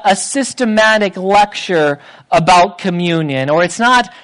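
A man's voice: high voice, a bit bright, rough recording. A man preaching a sermon, explaining scripture, often restarting and repeating words. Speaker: pastor. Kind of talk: sermon teaching.

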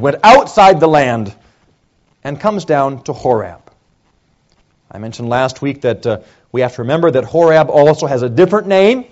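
A male pastor preaching an evening sermon, shifting between quiet, low passages and raised, emphatic lines. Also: lo-fi sound.

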